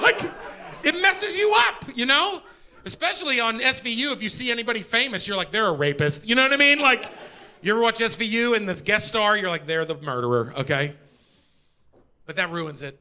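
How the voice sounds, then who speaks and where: A middle-aged man doing stand-up on stage, energetic and profane, swinging from loud bits to muttered asides. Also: high-pitched. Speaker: stand-up comedian. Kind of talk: stand-up comedy set. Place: theater stage before a live audience.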